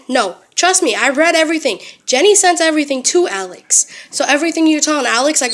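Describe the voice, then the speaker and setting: A woman's voice: high-pitched, quick pace, hardly any pauses, fairly bright tone. A young woman angrily confronting her in-laws, cursing and sarcastically quoting them. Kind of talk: angry confrontational rant to family.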